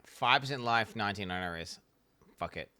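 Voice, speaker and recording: A man's voice: on the low side, expressive, normal speed, pushed and bright, slight background noise. A man in his thirties streaming a game and chatting loosely with his viewers, swearing constantly and joking around. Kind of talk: casual live-stream chat.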